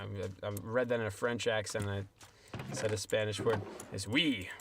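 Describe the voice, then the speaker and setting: A man's voice: fairly low pitch, fairly even intonation, moderate pace, a bit bright, slight background noise. A young man streaming a game, chatting casually and rambling to his viewers in a self-deprecating way. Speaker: livestreamer. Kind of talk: casual gameplay stream chat.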